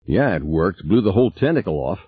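A man voicing a tired, exasperated man under pressure, gruff and close to his own low voice, on a slightly dull recording. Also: sing-song, fairly quick, full character voice.

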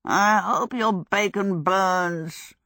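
A woman's voice: medium pitch, drawn-out words, sharp tone, dry recording, studio quality, exaggerated voice. A woman voicing a sulky male fire demon who sounds muffled and piteous.

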